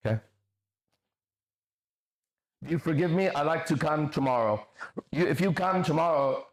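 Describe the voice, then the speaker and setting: A man hosting a livestream, answering chat comments in a confrontational, profane, lecturing way. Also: mid-range voice. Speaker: host.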